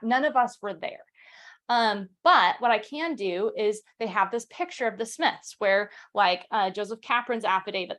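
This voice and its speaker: A woman's voice: fairly high pitch, fairly bright tone. Chatty young woman hosting a history talk. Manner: fast, chatty, many fillers and restarts, reads quotes aloud. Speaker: podcast host. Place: home recording setup.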